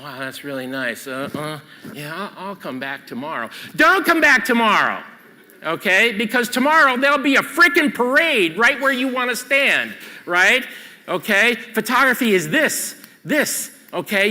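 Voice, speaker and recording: A man's voice: a little high, bright, forceful tone, in a large hall. Punchy, emphatic man on a stage. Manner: emphatic, punchy, keeps asking "okay?". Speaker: photographer giving a stage seminar. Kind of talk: animated stage talk. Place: convention stage hall.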